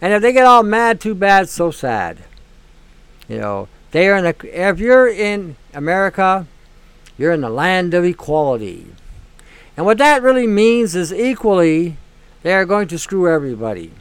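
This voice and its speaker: A man's voice: high-pitched, very animated, moderate pace, smooth, no room sound. A man hosting a show, talking in a blunt, ranting monologue that keeps repeating itself and swears freely. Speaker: show host. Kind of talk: opinionated monologue.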